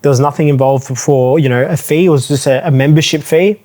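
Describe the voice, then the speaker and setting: A man's voice: medium pitch, fairly quick, darkish tone. A man speaking casually to camera, frank and conversational, recounting a property purchase with restarts and asides. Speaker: property advisor telling his own story. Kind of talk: casual talking-head storytelling.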